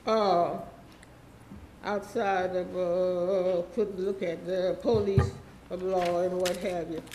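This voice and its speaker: A woman's voice: fairly low pitch, fairly even intonation, slow pace, mellow, roomy sound, slight background noise, low-quality recording. A woman, rambling and pleading through a public comment at a city council meeting. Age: 80s.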